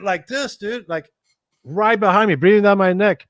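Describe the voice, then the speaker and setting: In a casual chat, a middle-aged guest musician tells animated stories, swears a lot and mimics what others said. His voice runs high at a moderate pace, recorded without echo.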